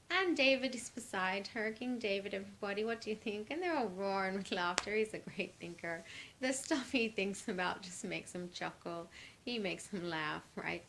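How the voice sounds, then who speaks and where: A woman telling an improvised story in an animated, playful way, with laughing asides. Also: mid-range voice, moderate pace, a little hiss or hum.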